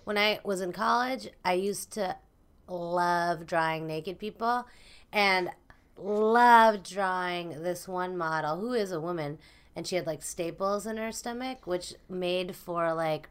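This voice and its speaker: A woman's voice: fairly low pitch, slow pace, clear, resonant tone. A woman co-hosting a podcast in a casual chat, supportive and laughing often. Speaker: podcast co-host.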